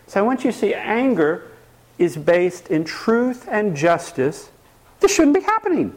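Lively man teaching a workshop. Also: high-pitched, a little slow. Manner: lively, asks the audience questions, acts out quoted voices. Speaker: speaker teaching a workshop on anger. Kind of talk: live talk to an audience.

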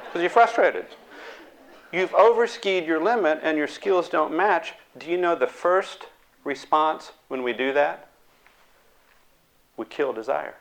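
A man delivering a lecture in a slightly high voice. He is animated and slips into little acted voices to bring his examples to life. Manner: animated, acts out quoted voices.

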